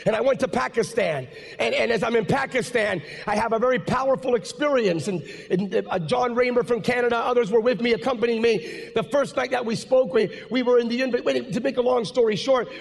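A male pastor preaching a sermon, telling a story that builds into fervent, shouted preaching. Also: extremely high pitch, fairly quick, gravelly. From United States. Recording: long reverb of a large hall.

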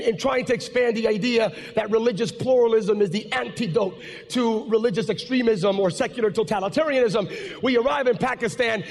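A male pastor preaching a sermon, telling a story that builds into fervent, shouted preaching. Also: very high voice, gravelly. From United States. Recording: long reverb of a large hall.

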